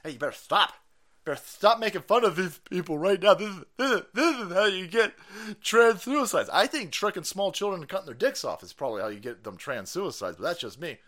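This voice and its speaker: A man's voice: high voice, expressive, fairly quick, fairly bright tone. Sarcastic, foul-mouthed male stream host. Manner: foul-mouthed, mocking, sarcastic ranting with frequent laughs. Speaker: livestream host. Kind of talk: profane political commentary stream.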